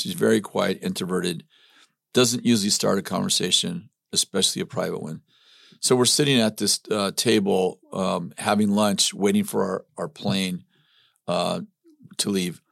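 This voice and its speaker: A middle-aged man with a low, gravelly voice tells a personal story to a partner. He acts out what people said and restarts his sentences often. The sound is close and dry. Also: no echo. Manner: animated storyteller, acts out quotes, many restarts. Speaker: ministry leader telling his story. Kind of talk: casual storytelling.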